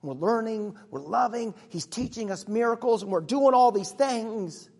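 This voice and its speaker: A man playing an earnest, excitable disciple who tells his own story in a church monologue, chatty with sudden hushes and bursts. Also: high-pitched, moderate pace. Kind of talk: first-person dramatic monologue. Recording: long reverb of a large hall.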